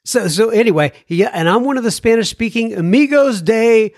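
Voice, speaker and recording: A man with a high voice hosts a podcast, reading out listener emails and adding chatty, self-mocking asides. The sound is close and dry, with no room around it. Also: fairly quick, no echo. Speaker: podcast host. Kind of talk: reading listener emails aloud with casual commentary.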